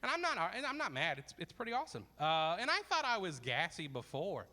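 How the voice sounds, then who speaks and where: A man's voice: high voice, huge pitch swings, a little fast, bright, forceful tone, big-room sound. A man in his forties doing self-deprecating stand-up comedy at a charity fundraiser, rambling through asides. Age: 40s.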